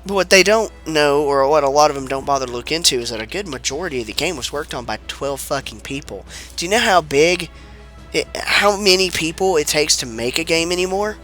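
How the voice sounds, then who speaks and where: A man's voice: on the high side, lively intonation, a little fast, pushed and bright, soft background music. A man with a sick-sounding voice, giving laid-back, rambling commentary over a video game, swearing casually. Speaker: let's play commentator.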